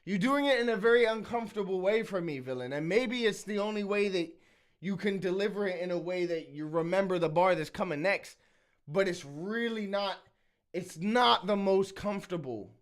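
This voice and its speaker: Frank male streamer, high voice. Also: normal speed. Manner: frank and candid, repeats words as he thinks. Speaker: streamer reacting to rap battles. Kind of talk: casual reaction commentary.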